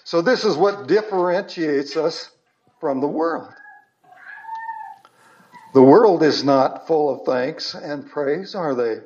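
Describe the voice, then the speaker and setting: A man preaching a sermon as pastor, slow and earnest with emphatic stresses. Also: on the high side, animated, darkish tone, dull audio.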